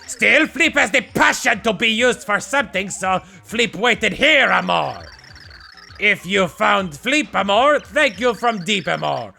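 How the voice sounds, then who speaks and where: A man's voice: sits high, expressive, measured pace, creaky, pushed and bright, faint music behind, heavily acted. A man voicing a dramatic, lovesick male pixel creature with a mock French accent, drawn out and theatrical.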